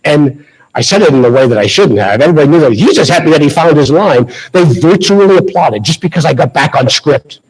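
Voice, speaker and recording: A man's voice: on the high side, a little fast, slightly rough, poor audio. A middle-aged man with a Boston accent, telling a self-deprecating story in a speech at a school ceremony. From Massachusetts. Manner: anecdotal, self-deprecating, lively retelling. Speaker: ceremony speaker. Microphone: handheld mic.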